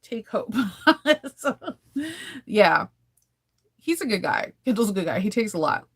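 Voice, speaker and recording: A woman in her thirties talks straight to her viewers in a relaxed daily vlog. She rambles from one thought to the next and laughs often between sentences. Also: mid-range voice, measured pace, husky. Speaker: sewing vlogger. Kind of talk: casual daily vlog chat.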